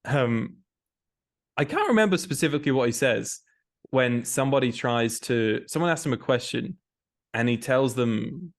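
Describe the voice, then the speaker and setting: A man's voice: mid-range voice, lively intonation, normal speed. A man with an Australian accent chatting casually as a podcast co-host, rambling and slangy with some mild swearing. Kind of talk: casual recap chat.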